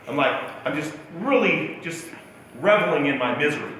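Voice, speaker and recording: A man's voice: high voice, lively intonation, moderate pace, a bit bright. A male motivational speaker telling a self-mocking personal story at a keynote talk in a large auditorium. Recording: echoey hall from far off.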